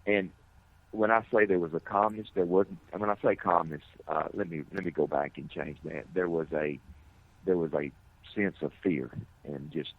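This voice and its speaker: Middle-aged man, firefighter, earnest halting account, husky voice, phone-thin sound. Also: low-pitched, steady tone. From United States. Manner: earnest, halting, many restarts. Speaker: firefighter, interview guest. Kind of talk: personal account in an interview. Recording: tinny phone-like audio.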